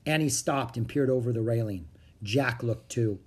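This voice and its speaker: A reader narrating a children's book in a steady storytelling manner. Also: mid-range voice, moderate pace, husky. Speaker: audiobook reader.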